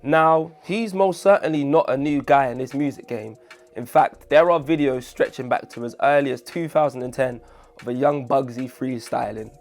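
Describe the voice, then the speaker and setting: A man's voice: medium pitch, moderate pace, soft background music. A man hosting a casual commentary video, jokey and self-deprecating, full of chatty asides. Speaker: video essay host.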